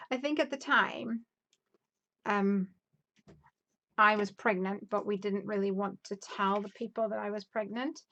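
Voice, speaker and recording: A woman in her thirties from Northern Ireland, with a softened Northern Irish accent, hosting a crafting live stream in a casual, upbeat way, reading out viewer comments and thinking aloud while she works. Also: mid-range voice, muffled recording. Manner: chatty and upbeat, laughs often, thinks aloud while measuring.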